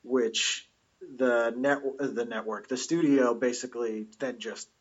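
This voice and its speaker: Husky-voiced guy calmly dropping trivia on a podcast, muffled lo-fi audio. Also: medium pitch, a little slow. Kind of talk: casual chat.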